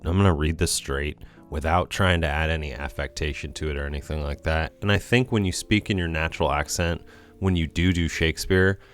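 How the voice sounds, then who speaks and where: A man's voice: very deep voice, fairly even intonation, a little fast, soft background music. A man co-hosting a movie podcast, musing at length with many fillers and the odd swear. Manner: rambling, filler-heavy, swears. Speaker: podcast co-host. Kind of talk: casual film discussion.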